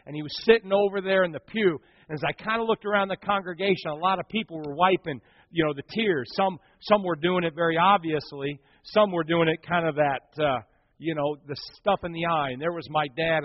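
A middle-aged man preaching a personal story as a sermon, swinging from loud bursts to hushed, near-whispered lines. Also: on the high side, no echo. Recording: dull dry sound.

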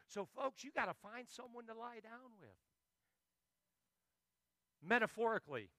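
A man preaching a sermon as pastor, telling animated stories and joking with the congregation. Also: very high voice, unhurried, no room sound.

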